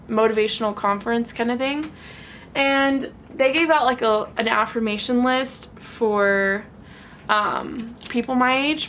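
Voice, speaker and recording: A woman's voice: on the high side, slight background noise. Chatty, frank young woman vlogging at home. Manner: chatty, frank, animated, laughs often. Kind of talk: casual to-camera talk. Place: at home with her dog.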